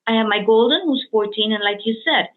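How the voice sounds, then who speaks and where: Female host, higher register, heartfelt chatty storyteller, phone-quality audio. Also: a little fast. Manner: storytelling, emotional, many fillers and restarts. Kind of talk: casual interview chat. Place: lives in Hong Kong. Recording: tinny phone-like line.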